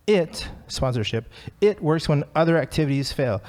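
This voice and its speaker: A man's voice: mid-range voice, moderate pace, darkish tone. Chatty self-mocking man telling his story. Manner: chatty and self-deprecating, laughing often. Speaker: recovery speaker sharing his story. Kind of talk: personal story at a recovery talk.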